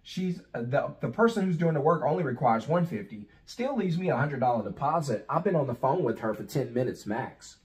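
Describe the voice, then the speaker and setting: A man's voice: mid-range voice, very animated, a little fast, hardly any pauses, a little mellow, low-quality recording. A man teaching as a business coach in a conversational way, throwing rhetorical questions at the listener and acting out sales calls. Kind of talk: instructional talk.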